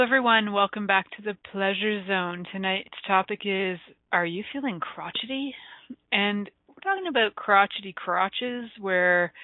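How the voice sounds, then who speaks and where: A woman's voice: on the low side, no room sound. Playful woman host on a tinny line. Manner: playful, giggly, joking, bawdy. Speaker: radio show host. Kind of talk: casual talk radio monologue. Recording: tinny phone-like line, dry.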